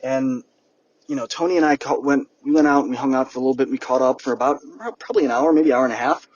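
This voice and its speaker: A young man hosting a podcast and giving a lively motivational monologue, speaking straight to his listeners. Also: medium pitch, fast, no echo, lo-fi sound. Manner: energetic, addresses listeners directly. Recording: distant mic with background noise, poor audio.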